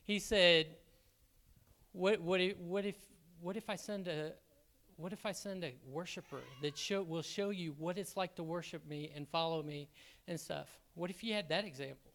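Excitable man giving a church talk. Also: high voice. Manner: excitable, halting, many restarts. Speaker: elder candidate. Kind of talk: sermon-style church talk.

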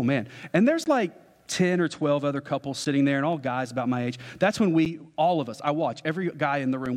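Man, pastor, slightly high voice, lively joking story in the sermon, long hall reverb. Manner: animated, joking, addresses the congregation.

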